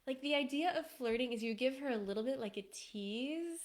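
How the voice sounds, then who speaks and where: Speaking a little fast in a voice that sits high, a woman coaches on relationships before a live audience. Her manner is relaxed and lively with lots of laughter, and at times she performs quoted lines in playful voices.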